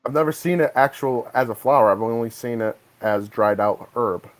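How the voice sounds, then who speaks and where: A man's voice: medium pitch, moderate pace, no echo, rough recording. A man co-hosting a podcast in casual chat, often hesitant and restarting his sentences. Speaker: podcast co-host.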